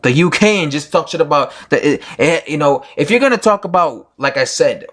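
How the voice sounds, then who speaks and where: A man's voice: a little high, expressive, a little fast, a bit bright. A man giving his opinions in a casual vlog, rambling with many fillers and restarts. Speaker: boxing YouTuber.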